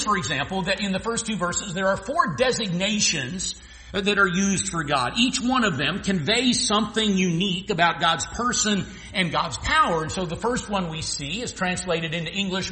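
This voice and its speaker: Man, pastor, bright sharp tone, earnest expository sermon, echoey church with long reverb. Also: high voice. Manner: earnest expository preaching with frequent "uh" restarts.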